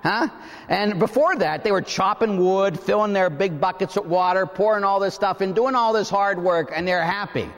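A man, a priest, preaching a sermon and telling a story with animated, acted-out quotes. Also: sits high, normal speed, long reverb tail.

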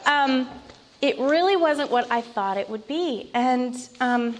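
A woman's voice: fairly high pitch, expressive, unhurried, a little mellow, slight background noise. Heartfelt woman sharing her testimony. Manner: heartfelt, storytelling, with laughs. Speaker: Christian speaker sharing testimony. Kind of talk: personal testimony talk.

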